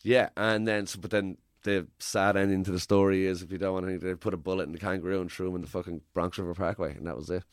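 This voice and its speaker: A man's voice: sits low, steady tone, fast, hardly any pauses, clean tone, no room sound, studio quality. A man telling a wild story in casual chat, swearing freely and acting out other people's voices. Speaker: podcast guest telling a story.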